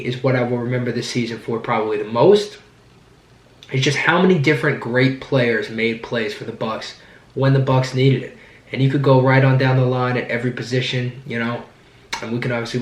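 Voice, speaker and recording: An excited man talks through a sports season in a fan vlog, rambling and circling back on his words. His voice sits at a middle pitch and rings in a roomy, echoing space. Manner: enthusiastic, rambling, repeats words. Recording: roomy echo.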